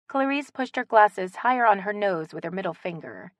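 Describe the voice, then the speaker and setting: A woman reading a romance audiobook aloud in an expressive narrating style. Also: mid-range voice, moderate pace, no echo, studio quality. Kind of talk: scripted narration.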